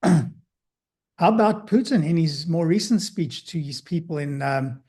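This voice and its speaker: Man, psychologist, lecture talk, fairly high voice, husky tone, measured with pauses and restarts. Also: expressive, a little mellow.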